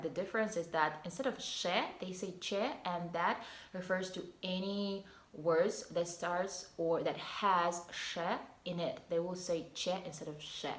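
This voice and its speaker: A woman's voice: fairly low pitch, a bit bright. A young woman from northern Kazakhstan, chatting casually in a vlog and telling stories with asides. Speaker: vlogger. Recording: echoey room.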